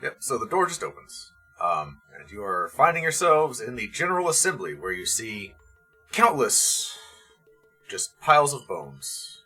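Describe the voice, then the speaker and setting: A man narrating as game master of a tabletop game, describing scenes in a calm, matter-of-fact way. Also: medium pitch, measured pace, husky, faint music behind.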